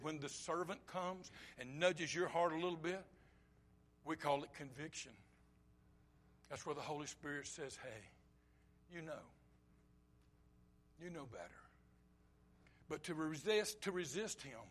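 A man with a notably high voice delivers a sermon, shifting between loud, emphatic lines and quiet, low asides. He also slips into brief acted-out bits of quoted dialogue.

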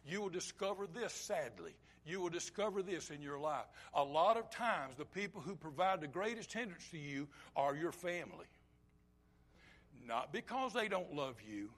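A man preaching a sermon, swinging from loud emphatic lines to quiet low asides and acting out short bits of dialogue. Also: big pitch swings, normal speed. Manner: acts out short quoted dialogue.

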